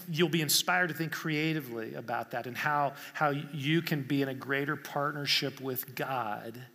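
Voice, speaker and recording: A male pastor with a high, bright voice delivers an animated sermon, repeating key phrases for emphasis. His words ring out with a long reverb, as if filling a church sanctuary.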